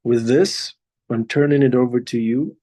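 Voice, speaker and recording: A man leading a devotional scripture class over a video call, talking in a halting way with many pauses. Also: medium pitch, steady tone, warm tone. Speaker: class leader.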